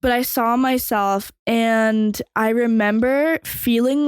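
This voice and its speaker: A woman's voice: on the high side, steady tone, slow pace, few pauses, clear, resonant tone, no room sound, clean studio sound. A young adult woman hosting a podcast, telling a long personal story in a rambling way, full of fillers and casual swearing. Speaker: podcast host.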